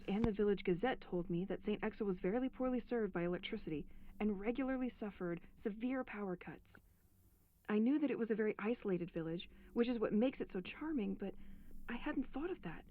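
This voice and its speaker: An actress voicing a frightened young woman trapped in a haunted village, narrating in a hushed, often whispered voice. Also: mid-range voice, a little hiss or hum, natural voice. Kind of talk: game voice-over narration. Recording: tinny phone-like sound.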